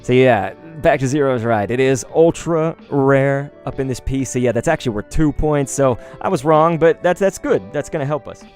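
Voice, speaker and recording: Excitable young man streaming card openings. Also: medium pitch, normal speed, few pauses, soft background music. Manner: excitable, talks straight to chat, slangy. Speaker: streamer opening trading cards. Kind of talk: casual live-stream chat.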